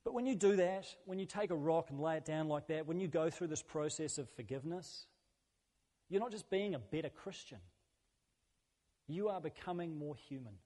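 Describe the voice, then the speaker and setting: A man's voice: fairly high pitch, moderate pace, warm tone. A man preaching a sermon as a pastor, earnest and conversational, building his points through repeated phrases. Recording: long hall reverb.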